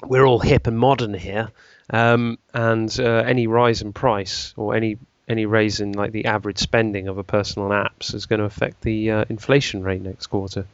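A man's voice: lowish voice, level tone, moderate pace, hardly any pauses, dry recording, lo-fi sound. A young British man co-hosting a casual tech podcast, joking and laughing as he runs through news items. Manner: jokey, laughing often, reading news items. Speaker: podcast co-host. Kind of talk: casual chat.

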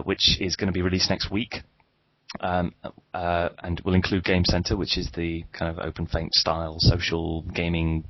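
A man's voice: sits low, dry recording. A man co-hosting a podcast, teasing with dry humor and reading tech news. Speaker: podcast co-host. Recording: dry, dull lo-fi sound.

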